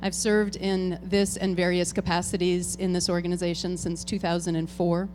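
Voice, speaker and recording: A woman's voice: on the low side, flat delivery, moderate pace, darkish tone, a little hiss or hum. A woman serving as board president, hosting a farewell tribute and talking to the congregation in a chatty, informal way. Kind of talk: ceremony address to a congregation. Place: church hall with an audience.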